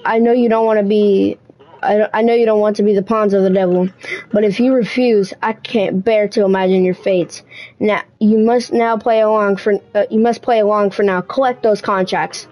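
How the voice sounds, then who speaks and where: Casting: older kettle guardian, earnest warnings, mellow voice, read by a woman. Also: medium pitch, natural voice, rough recording. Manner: read aloud with slips and restarts. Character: old male kettle, worried guardian.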